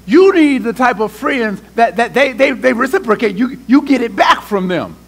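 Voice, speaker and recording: High-voiced pastor preaching a lively sermon. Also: male voice, normal speed, creaky, few pauses. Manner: animated preaching, acts out prayers and voices, talks to the congregation. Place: church sanctuary.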